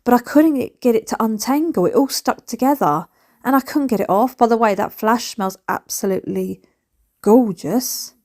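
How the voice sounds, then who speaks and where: A woman, vlogging chattily and excitably from a bedroom at home while she tidies up. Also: on the high side, moderate pace. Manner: excitable, rambling, chats while tidying.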